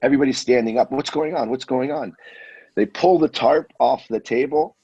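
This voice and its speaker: Husky guy in his 50s telling a crazy story, doing all the voices, kinda muffled lo-fi sound. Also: mid-range voice, moderate pace. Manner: animated storyteller, acts out voices. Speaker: guest storyteller. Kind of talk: casual anecdote telling. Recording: dull lo-fi audio.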